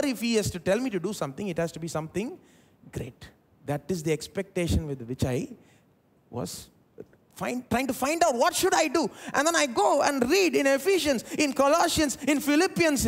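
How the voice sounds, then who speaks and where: A man preaching a sermon in an Indian English accent, his fairly high voice rising and falling widely. He moves between loud, stressed lines and quiet, dropped asides, recorded during a live church service. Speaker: pastor.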